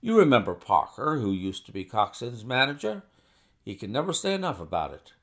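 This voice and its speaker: A man voicing a brisk, sharp-spoken, bearded financial agent who flatters loudly in a story reading. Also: medium pitch, lightly acted. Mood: effusive.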